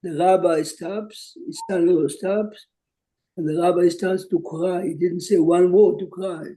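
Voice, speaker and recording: A man's voice: sits high, fairly even intonation, unhurried, dark tone, rough recording. An older man from Jerusalem, a rabbi teaching an online class and telling stories in English sprinkled with Hebrew terms.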